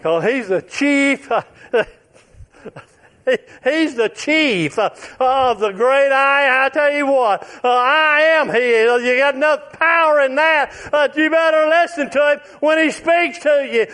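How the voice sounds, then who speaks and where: A man preaching a sermon, emphatic and repetitive, drawing out his phrases and now and then shouting or chuckling. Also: extremely high pitch, lively intonation, slow pace.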